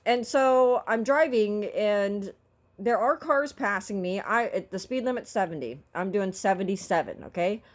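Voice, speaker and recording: A woman's voice: medium pitch, expressive, moderate pace. Exasperated middle-aged woman ranting. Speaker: vlogger. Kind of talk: casual storytelling vlog.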